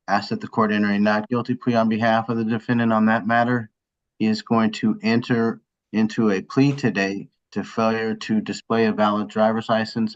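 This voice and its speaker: Low, flat-voiced defense attorney. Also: male voice, lo-fi sound. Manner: formal, measured. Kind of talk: formal legal address. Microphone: video call.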